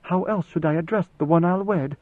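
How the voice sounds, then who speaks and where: A man voicing a young woman, a ruler's intended bride, speaking in a soft, measured, composed way. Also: fairly high pitch, no echo, pitched above the performer's own voice, close to an everyday voice. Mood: tender. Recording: dry, phone-like narrow sound.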